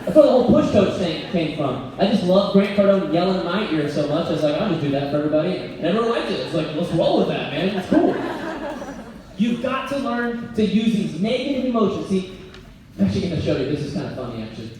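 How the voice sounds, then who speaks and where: A man giving a blunt, energetic motivational talk as a business coach before a live audience, joking and laughing as he goes. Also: sits high, fast, a little hiss or hum. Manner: blunt, energetic, jokey, often laughing mid-sentence. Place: event venue before an audience. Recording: very echoey hall, voice picked up from far off.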